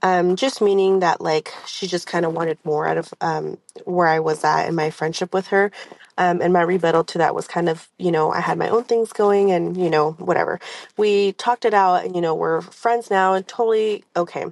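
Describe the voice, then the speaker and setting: A woman's voice: fairly low pitch, fairly even intonation, normal speed, gravelly, darkish tone. A woman listener leaving a recorded question, speaking hesitantly with many fillers. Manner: hesitant, with many "um"s and "you know"s.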